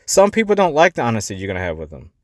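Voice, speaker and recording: A man hosting a motivational life-coaching podcast. He talks bluntly, swears, and swings between quiet asides and emphatic pushes. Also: medium pitch, huge pitch swings, rapid-fire, no echo, studio quality. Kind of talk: motivational monologue.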